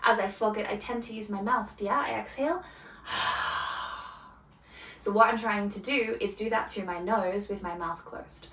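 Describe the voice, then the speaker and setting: A woman guides a beginner yoga class in a calm, soft-spoken way, with gentle pauses between her cues. Her voice sits at a middle pitch. She is picked up from a distance in a roomy, echoey space with faint ambience behind her. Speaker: yoga teacher. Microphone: camera mic from a distance.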